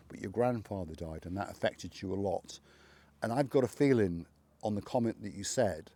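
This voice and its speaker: Husky low-voiced older man. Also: mellow. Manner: chatty storyteller who acts out remembered dialogue. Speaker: channel host. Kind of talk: casual motivational monologue.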